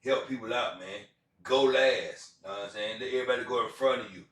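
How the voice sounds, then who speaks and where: A man delivers a casual street sermon about scripture, rambling with plenty of repeats and fillers. His voice is fairly low and fairly bright, and he talks very fast. The recording is very echoey and picked up from far off.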